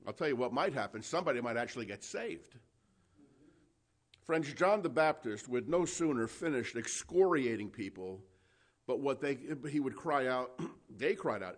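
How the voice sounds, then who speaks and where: A man's voice: mid-range voice, animated, normal speed. Impassioned male preacher in full sermon. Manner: impassioned, builds to loud exhortation, addresses listeners as friends; frequent restarts and fillers.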